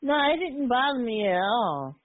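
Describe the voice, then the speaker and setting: A woman's voice: fairly high pitch, very animated, moderate pace. A woman calling in to a podcast, giving short, hesitant answers. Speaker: caller. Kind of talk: phone-in chat. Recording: phone line.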